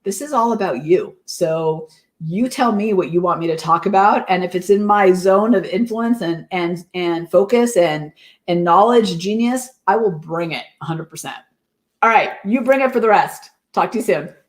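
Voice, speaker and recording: A woman's voice: lowish voice, moderate pace. Upbeat chatty woman hosting a livestream. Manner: effusive and chatty, thanking viewers by name; lively, upbeat delivery with lots of "like" fillers. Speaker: host of a live innovation show. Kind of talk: live-streamed motivational talk to viewers.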